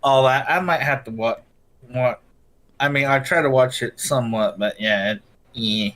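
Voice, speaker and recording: A man chatting casually, speaking haltingly with many restarts and fillers. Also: mid-range voice, fairly bright tone. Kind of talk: casual chat.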